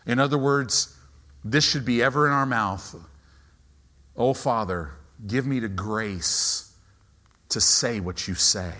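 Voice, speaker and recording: A male pastor preaching a sermon in a church sanctuary, animated, swinging between hushed asides and loud peaks. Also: medium pitch. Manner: animated, dramatic shifts between hushed and shouted.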